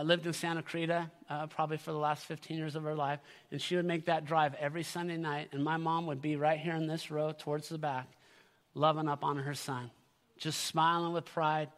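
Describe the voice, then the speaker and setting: A middle-aged male pastor preaches with earnest conviction and calls out to his congregation. His voice sits high and sounds bright and forceful. The sanctuary gives the sound a long, ringing reverb. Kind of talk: sermon. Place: church sanctuary.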